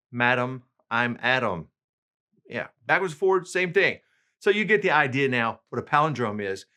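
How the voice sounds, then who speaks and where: A man teaching a language lesson, reading out examples slowly and carefully and then translating them. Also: mid-range voice, sharp tone. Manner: slow, careful enunciation of examples. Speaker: language tutor.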